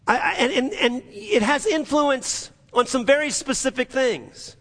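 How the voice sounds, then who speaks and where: A man's voice: extremely high pitch, sing-song, a little slow, fairly bright tone, big-room sound. A man preaching a sermon in a church, emphatic and repetitive, with frequent restarts. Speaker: pastor.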